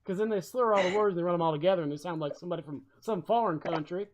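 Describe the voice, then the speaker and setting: A man's voice: sits high, very fast, noisy background. A man from the United States hosting a stream in a joking, casual chat. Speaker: stream host.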